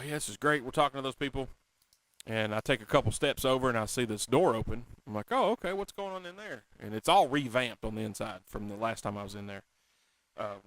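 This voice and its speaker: A man hosting a casual talk show, telling a story in an animated, excitable, self-mocking way. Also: medium pitch, no room sound. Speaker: podcast host.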